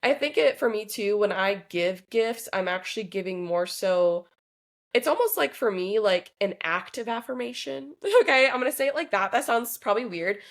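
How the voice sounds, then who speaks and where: A woman's voice: mid-range voice, animated, normal speed. A young adult woman co-hosting a relationship podcast, chatting casually and thinking aloud with lots of fillers. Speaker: podcast co-host. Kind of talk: casual chat.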